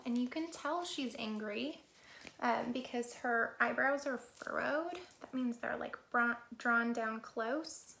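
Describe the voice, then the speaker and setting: A woman reading a picture book aloud to children as a storyteller, lively and talking straight to her young listeners, sometimes dropping into a soft whisper. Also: on the high side, takes it slowly, gravelly, roomy sound, a little hiss or hum. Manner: animated, talks straight to children, drops to soft whispers for asides.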